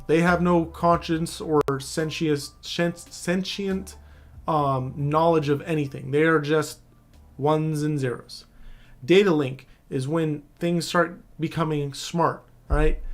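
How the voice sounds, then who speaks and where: A man casually explaining networking basics in a screen-share tutorial, often checking in with the viewer. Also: a little high. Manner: casual, loose, talks to viewer directly with frequent "all right?". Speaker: cybersecurity instructor.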